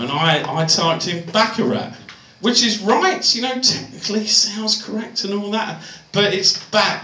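Comic, high lively voice, rambling, bright tone, roomy club, distant mic. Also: male voice, a little slow, a little hiss or hum. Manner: rambling, mimics posh voices. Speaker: stand-up comedian. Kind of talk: stand-up comedy set. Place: comedy club. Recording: roomy club sound from far off.

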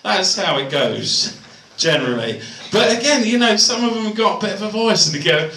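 Comic, high lively voice, rambling, bright tone, roomy club, distant mic. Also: male voice, fairly quick, slight background noise. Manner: rambling, mimics posh voices. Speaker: stand-up comedian. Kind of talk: stand-up comedy set. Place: comedy club. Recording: roomy club sound from far off.

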